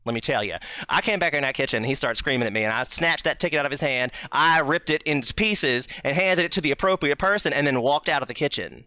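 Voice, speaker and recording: A man in his thirties hosting a casual podcast chat, telling animated stories with swearing. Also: on the high side, fast talker, hardly any pauses, smooth, no echo. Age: 30s. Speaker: podcast host.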